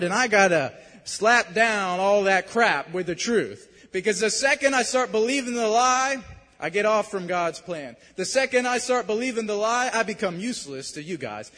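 A young man delivers an earnest, conversational sermon in a noticeably high voice. He swings from quiet, personal asides to loud, pressing emphasis. His voice rings with the long reverb of a church hall. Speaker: preacher.

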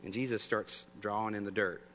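A man's voice: on the low side, fairly even intonation, a little fast, a bit bright. A man preaching a sermon in a conversational way, often asking the audience questions. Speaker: pastor. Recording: long reverb, faint hum.

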